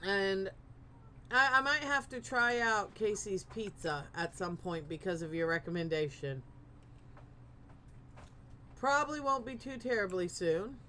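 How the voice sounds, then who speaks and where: A woman's voice: medium pitch, unhurried, long pauses, sharp tone, a little hiss or hum. A woman streamer in her thirties, chatting casually and encouragingly with her viewers while gaming, a bit rambling.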